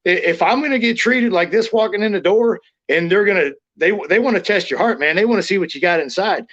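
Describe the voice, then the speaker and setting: Male guest, high voice, brash and profane storyteller, dull lo-fi sound. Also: fast. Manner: blunt, swears constantly, acts out quotes loudly. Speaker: interview guest, former wrestler.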